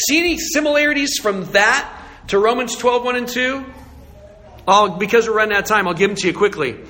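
A man's voice: high voice, brisk, sharp tone. A man preaching a sermon, talking to the congregation in a conversational, emphatic and humorous way. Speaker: pastor. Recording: echoey hall with faint ambience.

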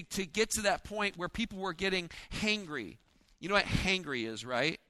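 A man preaching a sermon in a folksy, joking way, acting out the disciples' lines in quick asides. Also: high voice, pushed and bright, no room sound. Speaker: pastor.

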